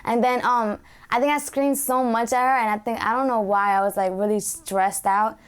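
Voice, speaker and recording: A woman's voice: fairly high pitch, fairly even intonation, normal speed, smooth. A young woman telling an emotional personal story, full of fillers.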